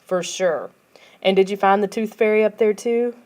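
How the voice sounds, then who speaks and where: A woman reading the part of a skeptical, teasing young girl in a high, pushy voice. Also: normal speed, a little mellow, natural voice.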